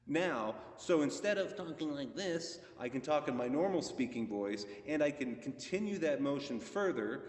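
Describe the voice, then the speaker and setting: A man giving a relaxed trombone masterclass, explaining technique with sung examples over a video call. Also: fairly high pitch, normal speed, few pauses. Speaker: trombone teacher. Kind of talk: masterclass instruction. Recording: echoey hall, far from mic.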